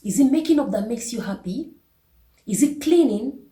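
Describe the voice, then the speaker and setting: A woman's voice: a little high, lively intonation, normal speed, warm tone, reverberant. Earnest woman giving pep talk. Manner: earnest, repeats key words for emphasis, asks the listener direct questions. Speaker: vlogger. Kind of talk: motivational self-care talk to camera.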